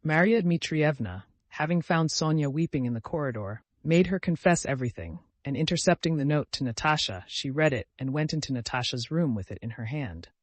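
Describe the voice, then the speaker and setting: A man narrating an audiobook in a measured storytelling voice. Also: a little high, lively intonation, no echo. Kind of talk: scripted narration.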